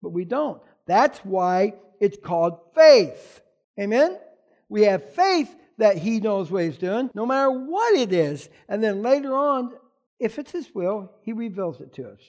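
A man preaching a sermon as pastor, animated, often asking the congregation questions. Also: high voice, measured pace.

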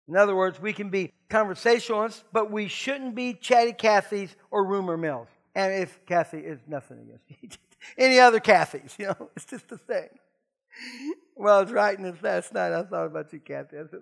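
A middle-aged man preaching a conversational sermon in a folksy, joking way with animated asides. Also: sits high, moderate pace, creaky. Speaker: pastor.

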